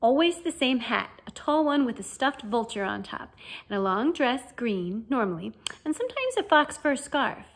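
A timid schoolboy, read by a woman in a storybook reading. He answers haltingly and uncertainly, never quite sure of himself. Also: a little high, big pitch swings, voice pushed up. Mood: nervous. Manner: hesitant, unsure. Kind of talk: fan audiobook reading.

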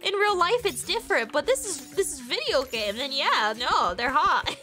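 A woman streaming a video game, chatting casually, excitable and giggly with rambling fillers. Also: high voice, moderate pace. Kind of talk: casual gaming livestream chat.

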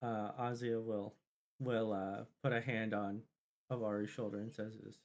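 A man's voice: lowish voice, level tone, normal speed. A man playing a tabletop role-playing game, describing his character with hesitant fillers. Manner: hesitant, many uhs. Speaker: player. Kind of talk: casual tabletop role-play.

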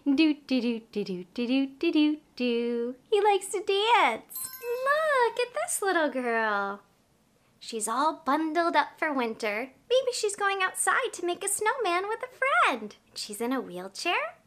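A woman in her thirties hosting a children's educational video, with an animated, slow and clear sing-song delivery for toddlers. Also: high voice. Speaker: preschool teacher host.

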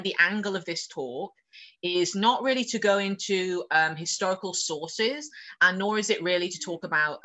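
A man giving a casual online lecture as a guest speaker, hesitating often and filling pauses with "um" and "like". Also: high voice, sharp tone, rough recording. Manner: hesitant, frequent "um" and "like".

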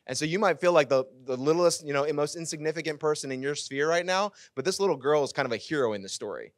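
A male pastor preaching a sermon, retelling a scripture story with animated, casual asides. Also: on the high side, no room sound, studio quality.

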